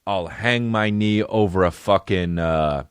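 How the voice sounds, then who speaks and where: A man's voice: sits low, measured pace, clean tone, no echo, clean studio sound. A man in his thirties hosting a comedy podcast, telling a profane story that builds into a ranting mock outrage. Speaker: podcast host.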